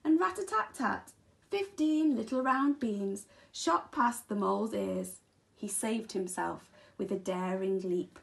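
A woman teacher reading a children's storybook aloud in an expressive, sing-song way, acting out the sound effects. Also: mid-range voice, slow pace, creaky.

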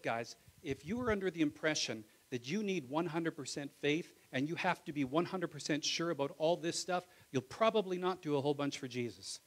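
A man preaching a Sunday sermon with a voice pitched a touch above the usual male range. He swings between booming exclamations and soft, intimate asides, and keeps checking in with the congregation for an "Amen?". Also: rough recording. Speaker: pastor. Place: church sanctuary.

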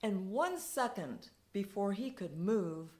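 A woman telling a dramatic story in a measured, deliberate way. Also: medium pitch, expressive, darkish tone. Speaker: speaker. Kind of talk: storytelling talk.

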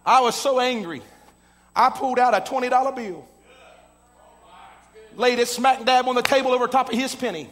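High bright-voiced man preaching, storytelling sermon, climbs to shouting, big church reverb. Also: normal speed, pauses often. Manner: animated storyteller who builds to shouting, with many "uh" fillers. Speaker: pastor. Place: church sanctuary.

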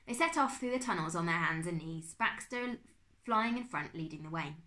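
A woman teacher reading a chapter book aloud to her class, expressive and dropping to a whisper at tense moments. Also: sits low, brisk. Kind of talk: storybook read-aloud.

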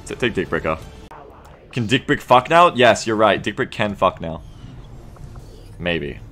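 A man's voice: lowish voice, lively intonation, a little slow, fairly bright tone, soft background music. A man giving joking, rambling commentary over his video game campaign, full of crude jokes and silly repetition. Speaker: gaming video creator.

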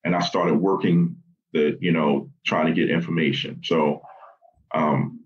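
Deep-voiced man telling a painful story. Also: steady tone, muffled recording. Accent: Baltimore. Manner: halting, many fillers and restarts, quotes others in conversation. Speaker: guest recounting family loss. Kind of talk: personal storytelling in a podcast interview.

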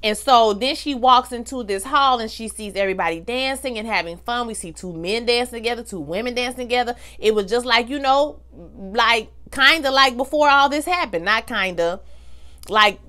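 A TV show recap vlogger gives a casual, slangy rundown of an episode, talking straight to her viewers and acting out the characters' lines. Her voice is fairly high, pushed, and bright, at a normal speed.

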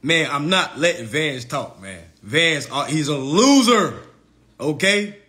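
A man hosting a comedic roast livestream, talking in an animated, profane way and laughing often. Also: on the high side, slow pace. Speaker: livestream host.

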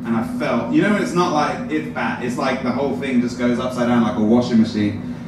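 A young English man doing stand-up, telling a self-deprecating story in an animated way. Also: mid-range voice, fairly quick. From England. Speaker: stand-up comedian. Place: open mic at a coffee shop. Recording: distant mic in a very echoey room with noise.

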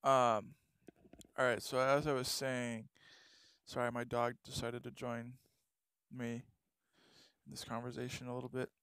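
A man's voice: medium pitch, little pitch movement, unhurried, long pauses, a bit bright, smooth, no echo. A young man vlogging casually to camera, telling a personal story with many fillers and restarts.

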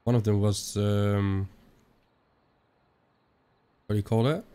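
A man's voice: lowish voice, steady tone, takes it slowly, dark tone, clear, resonant tone. A young man with a Dutch accent giving rambling, chatty let's-play commentary, swearing now and then. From Netherlands. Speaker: gaming channel host.

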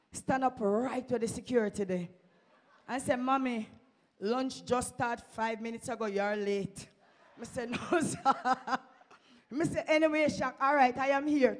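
In a church sanctuary, a Jamaican-accented woman with a high, darkish voice gives a fervent testimony to the congregation. She exhorts her listeners and slips into Patois as she speaks.

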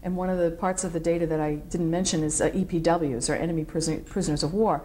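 A middle-aged veteran with a deep voice speaks quickly about her military service in an oral history interview, with slight background noise present. She tells animated, digressive stories, acting out what others told her.

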